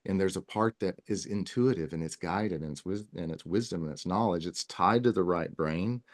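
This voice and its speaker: A man's voice: deep voice, moderate pace. A man speaking as a guest in a casual podcast interview, earnest and rambling, with frequent restarts. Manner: earnest, talks in long runs with many restarts. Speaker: wellness guest.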